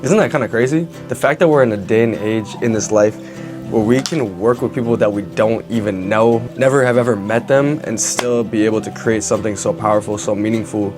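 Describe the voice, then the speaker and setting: A young man in the cast reacts to the film in slang-heavy, enthusiastic commentary. His voice sits somewhat low, with faint music behind him. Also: a little fast.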